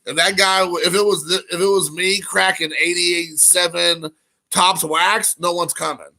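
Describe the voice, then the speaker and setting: Young male streamer, gravelly and bright, loose rambling delivery. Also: high-pitched, steady tone, unhurried. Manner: rambling, frequent fillers, reads chat aloud. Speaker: live stream host. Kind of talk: casual live stream chat.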